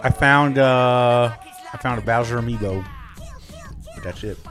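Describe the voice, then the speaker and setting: A man's voice: mid-range voice, a little slow, fairly bright tone, faint music behind. A man co-hosting a podcast, chatting and joking casually about collectibles. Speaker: podcast co-host. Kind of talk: casual chat.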